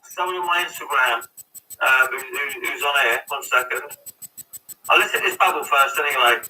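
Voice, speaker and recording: Man hosting a live chat: blokey, sweary, bright edgy voice, a little off-mic. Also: medium pitch, normal speed, recorded from a distance, a little hiss or hum, poor audio. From Greater Manchester, England. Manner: sweary, blokey, calls people mate. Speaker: show host. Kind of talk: casual live-stream chat.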